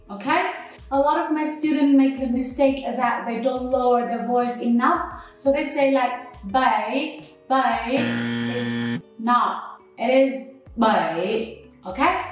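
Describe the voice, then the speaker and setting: A woman teaching a language lesson to camera, speaking slowly and carefully as she models each pronunciation. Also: sits high, sing-song. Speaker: Vietnamese teacher. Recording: very echoey room with faint music.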